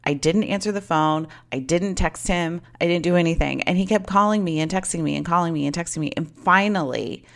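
A woman's voice: fairly low pitch, fairly quick, creaky, few pauses. A young adult woman telling a personal story in casual chat, acting out quoted dialogue and saying "like" often. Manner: chatty, acts out quoted dialogue with lots of "like".

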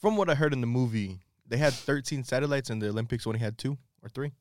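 A man's voice: mid-range voice, fast. A young man co-hosting a podcast, chatting casually in a playful, insistent way. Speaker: podcast co-host. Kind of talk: casual chat.

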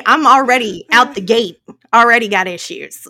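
This podcast co-host speaks with a regional accent in a medium-pitched voice that sounds pushed and bright, at a moderate pace. It's casual chat, and she's talkative, laughing a lot while poking fun at her own pronunciation.

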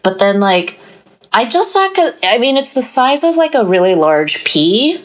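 A woman's voice: on the high side, big pitch swings, normal speed. A woman, a podcast guest, telling a story in casual chat, rambling with many fillers and quoting others in put-on voices.

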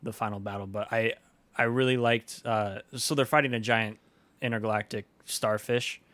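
A man's voice: fairly low pitch, fairly even intonation, normal speed, a bit bright, no room sound. Rambling man recounting movie scenes. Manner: rambling, hesitant, many fillers. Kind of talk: casual movie discussion.

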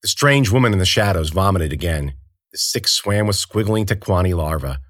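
A man reading a dark fantasy tale aloud, his pitch moving animatedly through each sentence. The delivery is measured and deliberate. The sound is close and completely dry. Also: lively intonation, dry recording. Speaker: narrator. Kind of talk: audiobook fantasy narration.

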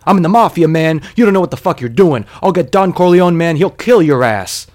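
A man voicing an erratic homeless man who swings from smooth flirting to shouted, swaggering threats. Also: medium pitch, big pitch swings, moderate pace, no echo, clean studio sound, exaggerated voice. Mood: furious.

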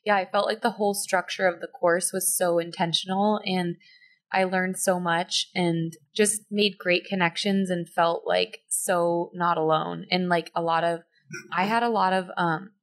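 A woman's voice: fairly low pitch, fairly even intonation, a little slow. A woman hosting an interview podcast, talking casually with lots of "like" and a voice that jumps up when she quotes herself. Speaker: podcast host. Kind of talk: conversational interview.

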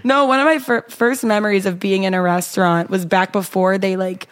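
A woman's voice: medium pitch, steady tone. Playful young woman co-host. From Midwest of the United States. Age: 20s. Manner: playful, teasing, quick to laugh. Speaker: podcast co-host. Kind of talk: casual chat.

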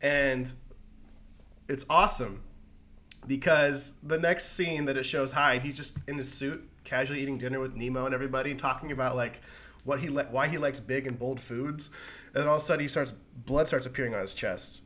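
A man's voice: mid-range voice, a little fast. Rambling, profane podcast guy. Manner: rambling, profane, heavy use of "like"; excited retelling of a comic plot. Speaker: podcast co-host. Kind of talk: casual podcast chat.

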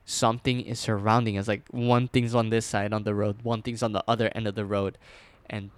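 A young man casually telling a scary personal story, rambling with fillers and restarts, dropping to a hush at tense moments. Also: lowish voice, flat delivery, a little fast, clear, resonant tone, no room sound.

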